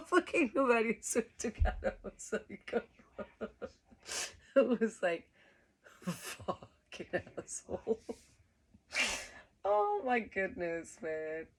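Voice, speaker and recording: A woman's voice: on the high side, sing-song, slow, rough recording. A woman from Rica, telling a rambling story casually, laughing often and swearing freely. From Costa Rica. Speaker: cruise ship worker.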